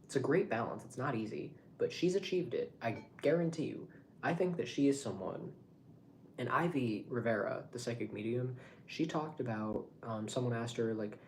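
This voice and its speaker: A man's voice: medium pitch, normal speed, a little hiss or hum. Rambling, swearing young man. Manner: rambling, animated, swears freely. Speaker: vlogger. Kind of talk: casual monologue to camera.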